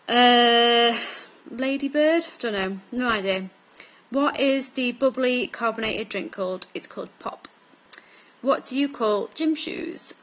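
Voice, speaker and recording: This Staffordshire vlogger in her twenties has a mixed northern English accent and takes her time going casually through an accent tag word list, with frequent ums. Her mid-range voice is fairly bright on a rough recording.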